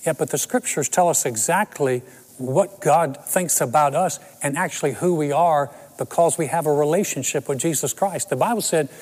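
Man in his 60s, pastor with a somewhat high voice, preaching through funny personal stories, echoing in a large hall. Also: moderate pace, a little mellow. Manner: storytelling with self-deprecating humor. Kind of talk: sermon.

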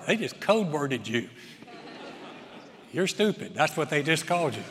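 A man's voice: fairly high pitch, animated, normal speed, fairly bright tone, a little hiss or hum. A man from the States, preaching with folksy humor and often repeating words as he starts a thought over. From Southern United States. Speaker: pastor. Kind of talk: sermon with humor. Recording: long reverb of a large hall.

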